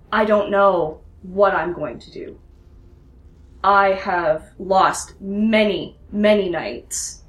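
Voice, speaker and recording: A woman's voice: mid-range voice, close to an everyday voice. A woman voicing an anguished rebel pilot. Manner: earnest, pleading, slow deliberate pauses. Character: young woman rebel pilot, fierce and hurt. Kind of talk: tabletop role-play. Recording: roomy echo.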